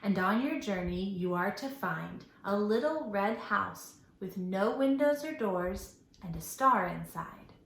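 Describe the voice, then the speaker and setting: A woman reading a storybook aloud, voicing a calm, reassuring mother. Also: mid-range voice, unhurried, creaky, echoey room. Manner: gentle, reassuring.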